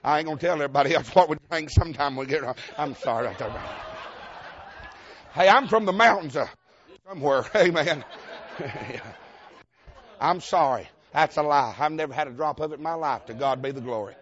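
A man preacher from Georgia with a Southern accent, telling a funny story in a folksy, self-mocking way, often laughing through his words and breaking into shouts. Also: fairly high pitch, fairly quick, dull audio. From Georgia, USA. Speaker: visiting preacher. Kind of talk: humorous storytelling sermon.

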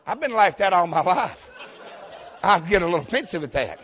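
A man preacher from Georgia with a Southern accent, telling a funny story in a folksy, self-mocking way, often laughing through his words and breaking into shouts. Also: high-pitched, big pitch swings, brisk, lo-fi sound, a faint crowd, slight background noise. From Georgia, USA. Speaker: visiting preacher. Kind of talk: humorous storytelling sermon.

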